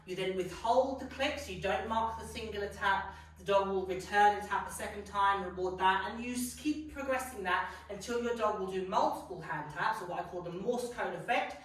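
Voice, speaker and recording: A woman's voice: medium pitch, fairly quick. Echoey woman dog trainer. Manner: clear step-by-step explaining. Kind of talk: instructional demonstration. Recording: echoey room, distant mic, faint noise.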